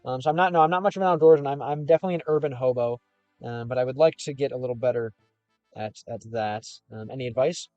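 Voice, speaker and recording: A man's voice: mid-range voice, fast talker, dry recording, muffled recording, soft background music. A young man from Chicago streaming from his car, chatting casually with viewers and reading their comments in a loose, rambling way with lots of fillers. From Chicago, United States. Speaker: gaming and language streamer.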